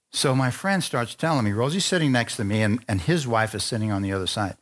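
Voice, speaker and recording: A middle-aged man delivers a sermon testimony in a creaky, mid-range voice with a fairly bright tone, speaking a little fast. He recounts his own story, plays out the voices, and asks the listeners for amens.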